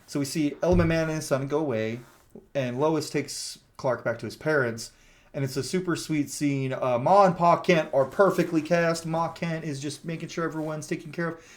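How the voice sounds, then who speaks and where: A man's voice: on the high side, moderate pace. A man giving a casual, chatty plot recap in a movie review, full of "like" fillers and the odd swear word. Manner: acts out characters' lines when quoting them.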